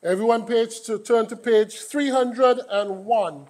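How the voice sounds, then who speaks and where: A man, a priest, preaching a sermon in a church, swelling from soft to loud. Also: very high voice, measured pace. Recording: long church reverb.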